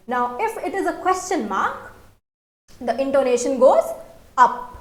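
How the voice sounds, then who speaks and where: Woman teacher with a high animated voice, slow careful explaining, echoey room. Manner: explains slowly, repeats example sentences. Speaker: Korean language teacher. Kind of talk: online language lesson.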